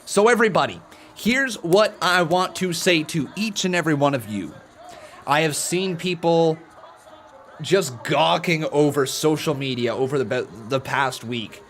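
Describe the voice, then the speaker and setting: A male streamer talking casually to his live chat, greeting viewers by name and cheering them on with earnest encouragement. His voice sits a little higher than most men's. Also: a little slow, fairly bright tone. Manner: chatty, addresses viewers directly by name. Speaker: streamer hosting a live watch-along.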